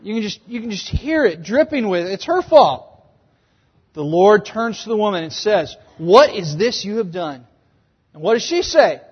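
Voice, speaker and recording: Guy preaching in a big echoey hall, kinda high voice, playful, does little voices for the bible folks, muffled audio. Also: moderate pace, slightly rough. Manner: animated storytelling, acting out quoted voices with humor. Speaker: pastor. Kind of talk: sermon. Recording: dull, echoey hall sound.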